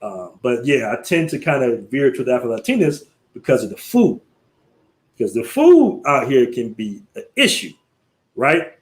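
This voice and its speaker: A man's voice: mid-range voice, very animated, normal speed. An American man hosting a casual livestream, talking in loose slang and laughing often as he tells stories and reads out viewer messages. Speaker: livestream host. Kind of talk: casual live-stream talk.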